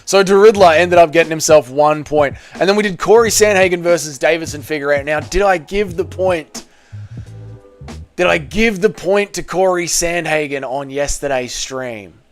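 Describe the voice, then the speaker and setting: Aussie male streamer, casual and crude, slightly higher voice, clean resonant tone. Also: normal speed, faint music behind. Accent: Australian. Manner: rambling, jokey, swears casually. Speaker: livestream host reading chat. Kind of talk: casual live-stream chat.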